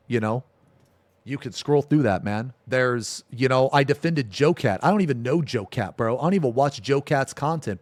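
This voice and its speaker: A man's voice: fairly high pitch, darkish tone, no echo. Heated, swearing male streamer. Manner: heated, swears a lot, repeats himself, says "man" and "bro". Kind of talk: casual live-stream rant.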